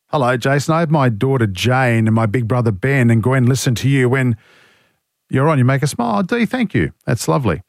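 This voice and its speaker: A man's voice: medium pitch, lively intonation, brisk, vocal fry, no room sound, studio quality. A man hosting talkback radio, joking, poking fun at himself and reading out listener texts in a casual chat. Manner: joking, self-mocking, reads listener texts aloud. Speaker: radio talk show host. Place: radio studio.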